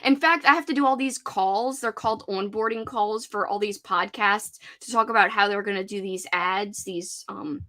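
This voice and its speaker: A woman's voice: mid-range voice, normal speed, hardly any pauses, pushed and bright. A young woman with a subdued Louisiana accent, chatting casually and laughing often, with lots of fillers. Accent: American, Louisiana. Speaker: host. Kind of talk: casual chat.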